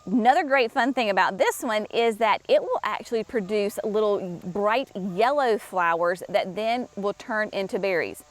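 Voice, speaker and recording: A woman presenting shrubs at a garden nursery, talking chattily and enthusiastically straight to her viewers. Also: mid-range voice. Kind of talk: casual product walkthrough for viewers.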